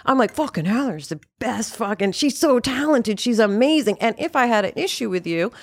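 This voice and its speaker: A woman's voice: a little high, normal speed, dry recording. Candid, swearing woman in her fifties. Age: 50s. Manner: frank, animated, swears freely. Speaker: podcast host. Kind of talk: candid conversational chat.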